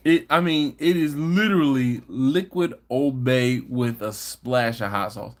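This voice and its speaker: A man's voice: mid-range voice, slow pace. A man hosting a barbecue live stream, casually reading viewer comments with playful, slangy banter. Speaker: barbecue channel host.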